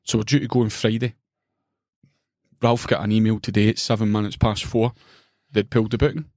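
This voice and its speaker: A man's voice: lowish voice, level tone, a little fast, a little mellow, no echo, studio quality. A man with a Scottish accent co-hosting a podcast, ranting and swearing as he tells a story in casual chat. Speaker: podcast co-host.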